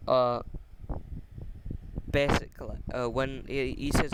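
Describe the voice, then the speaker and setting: A man casually retelling a fan story off the cuff, halting often with fillers, restarts and casual swearing. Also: mid-range voice, fairly even intonation, background noise.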